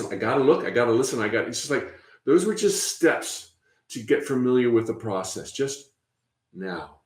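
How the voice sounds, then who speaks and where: A man hosting a spiritual workshop, talking in a gentle, encouraging way with frequent fillers and restarts. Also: mid-range voice, animated, moderate pace, reverberant. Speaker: workshop host. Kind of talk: guided spiritual workshop talk.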